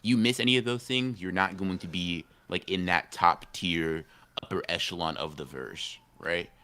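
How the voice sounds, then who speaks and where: A man's voice: low-pitched, moderate pace, sharp tone. A man co-hosting a casual anime podcast stream, rambling, slangy and repeating himself as he argues his take. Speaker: podcast co-host.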